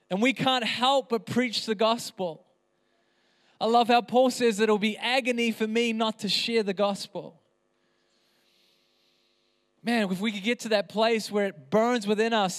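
High-voiced impassioned man preaching in a hall. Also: fairly even intonation, moderate pace. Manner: impassioned, emphatic, repeats phrases. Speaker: pastor. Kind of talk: sermon. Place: church hall. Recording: reverberant hall.

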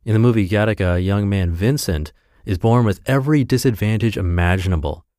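A man's voice: on the low side, fairly quick, a little mellow, no room sound, clean studio sound. A man narrating a self-help blog post for his podcast in an upbeat, emphatic reading voice.

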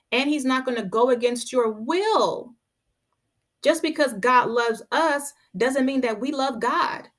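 A woman's voice: a little high, fairly bright tone. A woman hosting a podcast, giving a conversational Bible teaching. She speaks emphatically, repeats her key phrases, and keeps checking in with her listeners by asking "right?". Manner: drives points home by repeating phrases.

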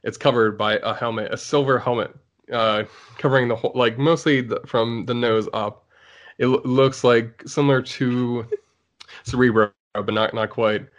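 A man's voice: medium pitch, steady tone, normal speed, highs cut off. A man co-hosting a casual chat about shows, rambling with lots of fillers and restarts. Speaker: podcast co-host.

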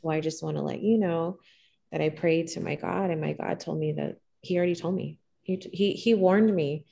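Middle-aged woman guest, low and gravelly, calm even-keeled storyteller with lots of "um"s. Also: normal speed. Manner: calm, even-keeled, with frequent fillers and restarts. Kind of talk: personal storytelling in conversation.

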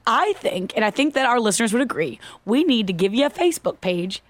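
A woman co-hosting a podcast in casual chat, talking quickly and telling stories with quoted voices. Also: on the high side, sing-song. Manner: quick, chatty, storytelling with acted quotes. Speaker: podcast co-host.

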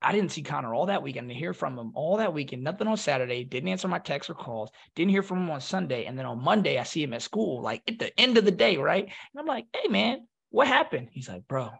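Gravelly-voiced man from North Philadelphia. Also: a little high, quick pace, few pauses. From North Philadelphia, USA. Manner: animated, acts out quoted voices. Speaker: podcast guest, former Marine. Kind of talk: casual storytelling.

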